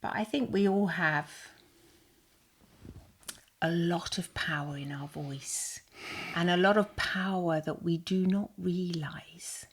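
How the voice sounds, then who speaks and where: A middle-aged woman from England co-hosting a podcast in casual chat, reflective and at times softly hushed. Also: fairly low pitch, slow, pauses often, slightly rough. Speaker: podcast co-host.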